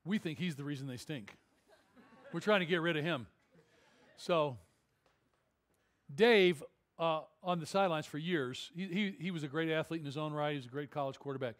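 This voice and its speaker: A male pastor preaching a sermon in a church, telling a story in an animated, conversational way with jokes. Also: fairly high pitch, normal speed, pauses often. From Detroit area. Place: church auditorium.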